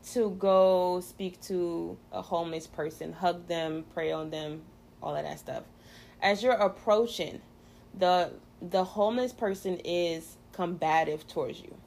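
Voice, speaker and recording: A woman's voice: fairly low pitch, a little slow, vocal fry, darkish tone, a little hiss or hum. A woman hosting a casual faith chat, talking in a chatty, playful way with many fillers. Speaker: podcast host.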